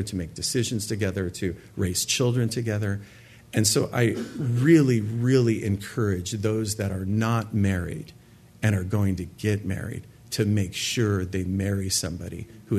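A man's voice: on the low side, darkish tone, breathy edge. A man preaching a sermon to a congregation in a church, earnest and emphatic, often repeating words for stress. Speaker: pastor. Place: church sanctuary with a live congregation.

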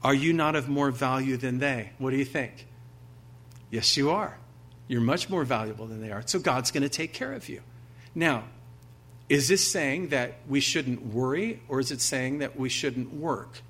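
A man's voice: mid-range voice, a little slow, fairly bright tone. A man preaching a sermon, reading scripture aloud with emphasis and asking his listeners rhetorical questions in a conversational way. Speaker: pastor.

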